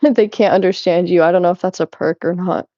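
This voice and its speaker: Cleaning her home on stream, a young woman rambles and playfully teases viewers in a lowish, dark voice with a steady tone and brisk pace. The recording is dry and the audio dull.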